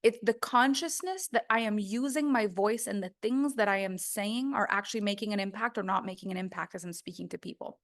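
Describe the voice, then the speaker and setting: A woman's voice: medium pitch, fairly quick, few pauses. A woman teaching a course on the voice in a casual, chatty way, full of "like" fillers. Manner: chatty, conversational, many "like" fillers.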